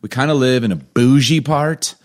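A man co-hosting a casual chat podcast, telling stories and acting out quotes with lively energy. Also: medium pitch, moderate pace. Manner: animated storyteller, acts out quotes. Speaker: podcast co-host.

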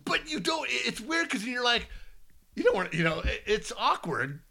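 A man in his fifties co-hosting a podcast, telling stories in a casual, animated way with frequent restarts. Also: very high-pitched, moderate pace, vocal fry. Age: 50s. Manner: animated storytelling, rambling with restarts. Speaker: podcast co-host. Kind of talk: casual chat.

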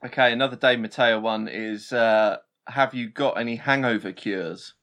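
A man's voice: mid-range voice, fairly even intonation, moderate pace, fairly bright tone. A man hosting a podcast in casual chat, giggly and easygoing.

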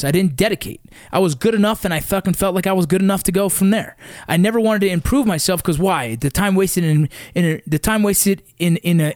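This San Fernando Valley, California dad of young athletes, in his thirties, has a fairly high voice captured with studio quality and no room sound. His motivational rant is blunt and intense, heavy on swearing, and he repeats himself for emphasis.

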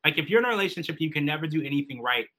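A man's voice: a little high, expressive, very fast, sharp tone, poor audio. A man co-hosting a podcast, giving emphatic and indignant opinions in casual recap chat. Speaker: podcast co-host.

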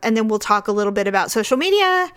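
A woman podcast co-host from California, chatting casually and telling a story with lively acted-out voices. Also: on the high side, fast, clean tone. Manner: animated, acts out voices in anecdotes.

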